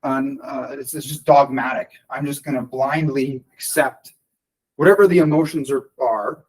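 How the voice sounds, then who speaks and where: A man's voice: medium pitch, fairly even intonation, moderate pace, slightly rough. A man giving a casual explanatory monologue on emotions, rambling with many fillers and restarts. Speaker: speaker on emotions and self-awareness. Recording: distant from the mic.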